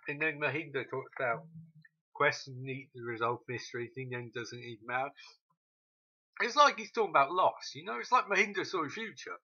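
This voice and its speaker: Animated, sarcastic male ranter, bright tone, dull recording. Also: medium pitch, fairly quick, breathy edge. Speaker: recap host. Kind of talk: profane comedic recap rant.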